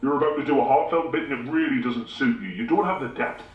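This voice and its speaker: A man voicing a comedian's sardonic conscience in a dry, deadpan manner, played back through a dull, distant, echoey recording. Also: mid-range voice, fast talker, natural voice. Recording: dull prerecorded playback, echoey room, far off.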